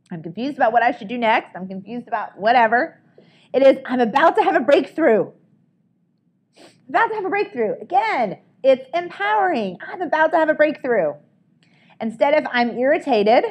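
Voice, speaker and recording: A woman giving an upbeat training talk to a group, coaching them and often checking in with "right?". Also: on the high side. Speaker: sales trainer.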